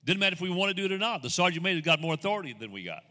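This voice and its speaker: A man preaching a sermon as guest speaker. He goes from soft, slow asides to loud, rising exhortation, and he acts out the people he quotes in his own voice. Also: high-pitched, big pitch swings, big-room sound.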